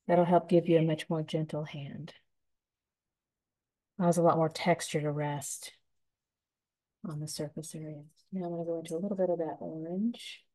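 A woman giving a gentle, unhurried step-by-step painting lesson as the instructor. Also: sits low, rough recording.

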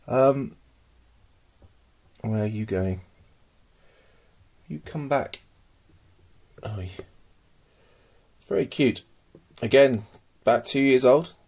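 In a casual hobby video, a man shows off his pet tarantulas at home, speaking slowly with frequent pauses in a mid-range, darkish voice with a breathy edge. He sounds hesitant, full of ums, and murmurs fondly to his pets.

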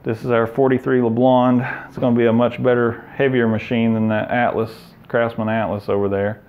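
Relaxed man touring his workshop. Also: medium pitch, normal speed, phone-quality sound. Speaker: shop owner giving a tour. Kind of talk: casual walkthrough tour. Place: indoor workshop.

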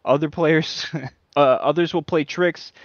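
Laughing, swearing tabletop player. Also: male voice, fairly high pitch, steady tone, unhurried, no echo, muffled recording. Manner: laughing, swearing, reads from notes. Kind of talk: casual chat at a tabletop game.

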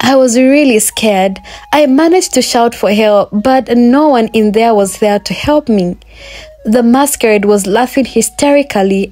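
A woman narrating a first-person folktale in a plain, steady reading style. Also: on the high side. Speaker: storyteller.

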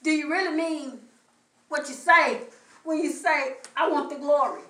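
A woman's voice: sits high, a little slow, bright, forceful tone. A middle-aged woman preaching a sermon with a fervent, repetitive cadence, heard in a church. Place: church sanctuary. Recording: echoey room from far off.

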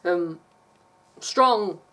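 Slow-talking English woman vlogger. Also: fairly low pitch, sharp tone. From England. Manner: chatty, rambling, laughs often. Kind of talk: casual vlog chat.

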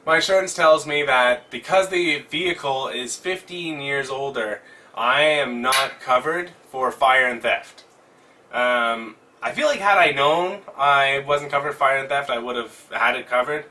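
Excitable young man telling a story, bright voice. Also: mid-range voice, measured pace, distant mic. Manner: animated, excitable retelling with swearing. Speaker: vlogger. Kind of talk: casual storytelling chat. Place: home. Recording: voice from off the mic.

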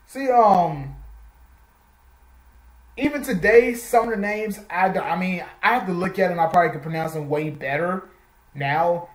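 A man's voice: high voice, normal speed, long pauses, echoey room, low-quality recording. A man with an American accent hosting a casual reaction video, rambling and correcting himself as he goes. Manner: rambling, restarts and self-corrections. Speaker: host.

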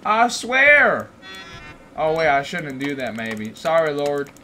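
A man streaming gameplay, chatting casually with goofy, teasing banter and sudden excited outbursts. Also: a little high, normal speed, soft background music. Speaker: game streamer.

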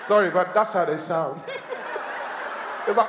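A man's voice: sits high, normal speed. A man performing a stand-up comedy set, telling a story with acted-out voices. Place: large hall on stage. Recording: reverberant hall, faint noise.

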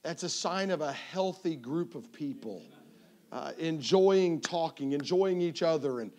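Man, southern accent, visiting evangelist, folksy jokes, restarts often, church sanctuary, slightly high voice. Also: animated, unhurried, a little mellow. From Tennessee. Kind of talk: sermon introduction.

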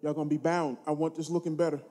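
Pastor, male, high voice, sermon delivery with call-and-response, loud emphatic bursts between low asides. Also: level tone, rapid-fire. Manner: preachy, call-and-response with the congregation.

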